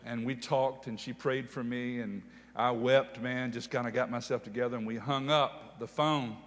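A man preaching a sermon, telling his own story in an animated way that builds to loud, emphatic preaching. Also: medium pitch, normal speed, big-room sound. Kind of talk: sermon testimony.

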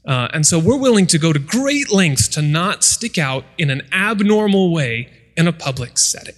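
Man preaching, tells bible stories and does the voices, a bit husky, big echoey hall. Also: a little high, big pitch swings, normal speed. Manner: storytelling, acts out voices of the people in the story. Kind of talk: sermon. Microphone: microphone.

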